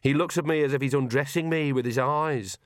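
A man's voice: medium pitch, a little fast, dry recording, studio quality, voice pushed up, close to an everyday voice. A man voicing a sullen, reluctant young witch in a complaining tone.

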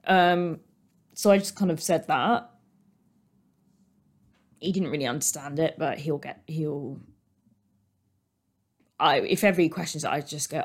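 A woman's voice: low-pitched, measured pace, long pauses. A British woman hosting a solo podcast, chatting casually in a rambling way, full of ums and likes, into a desk microphone. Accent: British English. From Britain. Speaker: podcast host.

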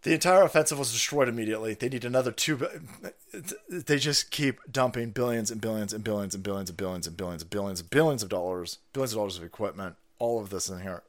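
A man hosting a livestream, ranting in profane, mocking commentary and swinging between loud outbursts and low mutters. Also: fast talker. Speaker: livestream host.

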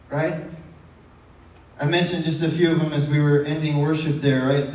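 A man's voice: fairly high pitch, a little mellow, a little hiss or hum. A male pastor preaching a casual, conversational sermon in a church, often asking the congregation rhetorical questions. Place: church sanctuary. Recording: echoey hall from far off.

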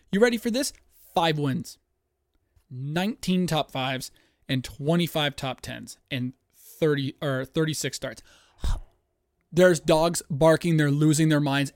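A man hosting a sports-betting podcast from home, hyped and profane, breaking into yelling on a close mic. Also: fairly high pitch, no room sound. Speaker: podcast host. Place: home studio, dogs nearby.

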